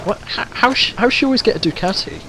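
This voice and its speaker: A man's voice: high voice, lively intonation, fast talker, bright, forceful tone, slight background noise. A young man from England giving casual, sweary, ranting commentary while playing a video game. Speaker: let's play gamer.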